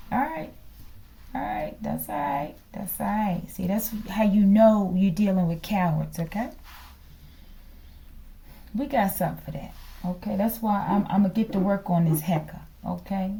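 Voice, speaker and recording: A woman's voice: medium pitch, measured pace, vocal fry, long pauses, dark tone, poor audio. A woman giving a casual spiritual tarot reading in a chatty, teasing way, often ending lines with a questioning "okay?" and sometimes dropping to a whisper. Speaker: tarot reader.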